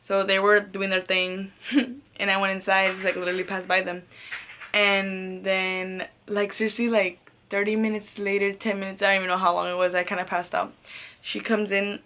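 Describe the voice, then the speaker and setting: A woman's voice: medium pitch, level tone, normal speed, a bit bright, a little hiss or hum. A young woman telling a casual storytime, rambling and swearing, with frequent "like" fillers and laughs between phrases. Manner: rambling, profane, peppered with "like". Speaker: vlogger.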